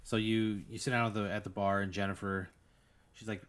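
A man with a somewhat low voice runs an improvised tabletop game. He rambles through the scene, stacking fillers and breaking into laughs as he goes. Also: flat delivery, fairly quick. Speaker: game master. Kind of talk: narrating an improvised tabletop scenario.

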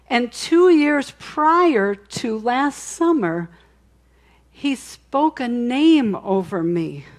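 A woman giving a conversational sermon testimony, telling her story candidly with frequent restarts and asides, swinging between soft and emphatic. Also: a little high, expressive, takes it slowly. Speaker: speaker sharing a testimony.

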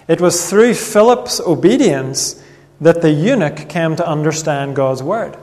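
A man preaching a sermon in an earnest, measured way, reading Bible passages aloud. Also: a little high, expressive, a little mellow. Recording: long reverb of a hall.

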